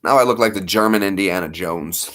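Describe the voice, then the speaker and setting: A man's voice: sits low, fairly quick, fairly bright tone, a little hiss or hum. A man in his thirties hosting a casual livestream, rambling playfully and talking to viewers by name. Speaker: livestream host.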